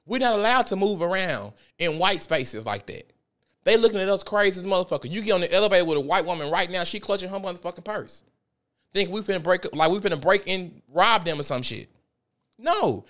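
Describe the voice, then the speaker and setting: A young man from South Memphis with a Memphis Southern accent, hosting a podcast and telling stories in a loose, profane, animated way. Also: high-pitched, fairly quick. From South Memphis, Tennessee. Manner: profane, animated storytelling with frequent laughs. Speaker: podcast host. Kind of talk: casual podcast monologue.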